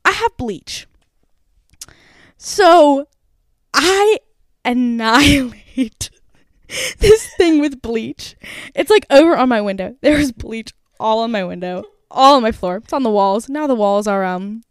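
A young woman in her twenties hosting a podcast, telling a story in a lively rush full of fillers. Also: fairly high pitch, measured pace, smooth, no room sound, studio quality. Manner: animated, breathless, full of "like" fillers. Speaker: podcast host. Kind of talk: casual storytelling.

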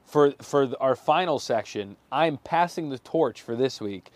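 A man's voice: medium pitch, expressive, dry recording. Young guy co-host, mid-range voice, loose joking banter, puns on the fly. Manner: jokey, quick riffs and puns. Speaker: podcast co-host. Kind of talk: casual chat.

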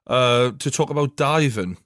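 A man's voice: medium pitch, expressive, normal speed, a bit bright, dry recording, studio quality. A man with a Geordie accent hosting a podcast, bantering and joking crudely with lots of laughter. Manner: laughs a lot, crude jokes. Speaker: podcast host. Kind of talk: casual banter.

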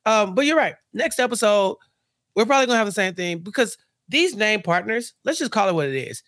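A man's voice: sits high, sing-song, brisk, fairly bright tone, dry recording, clean studio sound. A man co-hosting a podcast, chatting casually and animatedly, acting out characters' lines as he recaps a TV episode. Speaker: podcast co-host.

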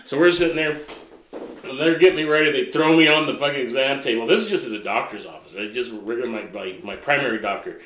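Laughing and cursing through a crude tale for his friends, this male podcast host is animated and talks fast in a mid-range voice. The audio is poor and reverberant.

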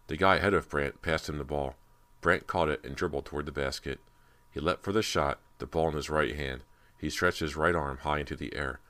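A man reading a spooky teen novel aloud as an audiobook narrator, in steady, measured storytelling. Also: extremely low pitch. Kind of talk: scripted narration.

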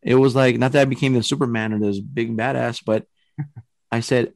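A man's voice: mid-range voice, normal speed, creaky, no echo. A man casually telling a story from his own paranormal investigation, acting out the sounds and quoting himself. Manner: animated, acts out sounds and quotes himself, swears casually.

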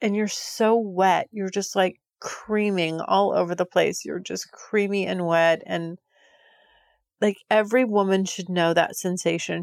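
Gravelly-voiced woman rambling frankly. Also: lowish voice, no room sound, clean studio sound. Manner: frank, rambling, heavy use of filler words. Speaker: podcast host. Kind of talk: candid monologue.

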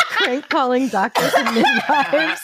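A woman's voice: high voice, big pitch swings, slow pace, heavy background noise. A woman co-hosting a comedic history podcast, reading passages aloud and breaking off to joke and laugh. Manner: reads quoted passages then jokes. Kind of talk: casual comedic history chat.

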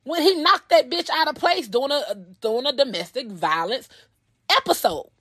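A woman's voice: high-pitched, animated, normal speed, a bit bright, no echo, studio quality. A woman in her thirties hosting a personal podcast, telling a story in a blunt, profane, heated way. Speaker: podcast host.

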